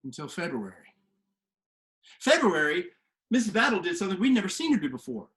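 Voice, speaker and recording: A man telling a story to the camera from his home kitchen, animated and swinging from hushed to loud. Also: high-pitched, a little fast. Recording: echoey kitchen room.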